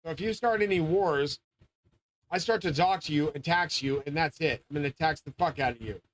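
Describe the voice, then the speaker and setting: Profane ranting man with a higher voice. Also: moderate pace, slight background noise, rough recording. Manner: rambling, swearing, grandiose; often yelling. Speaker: channel host. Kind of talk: profane monologue rant.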